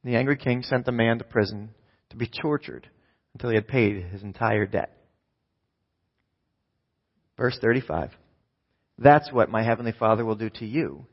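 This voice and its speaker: A man's voice: fairly low pitch, moderate pace, long pauses. A man preaching a sermon in a conversational way, often checking in with his listeners. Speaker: pastor. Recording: dull lo-fi sound with long hall reverb.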